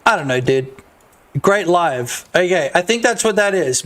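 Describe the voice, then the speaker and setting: A man in his thirties with an Australian accent, chatting loosely on a game dev stream, joking, swearing and breaking into loud shouts. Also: high voice, expressive, normal speed. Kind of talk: casual live-stream chat.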